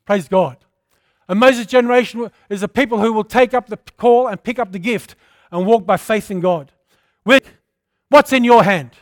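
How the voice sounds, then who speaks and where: A man preaching a passionate sermon, rising to loud declarations and dropping to quiet storytelling. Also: high voice, moderate pace, no echo, clean studio sound. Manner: impassioned preaching, swinging between loud declarations and hushed storytelling.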